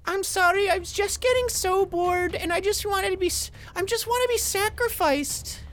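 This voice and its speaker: A woman's voice: very high voice, moderate pace. A woman voicing a whiny little boy in a tabletop game who begs to be sacrificed. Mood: pleading. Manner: whiny, pleading.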